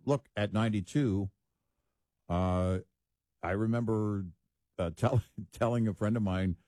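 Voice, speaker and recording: Low-voiced measured male co-host. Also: mellow, no room sound. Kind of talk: casual talk show commentary.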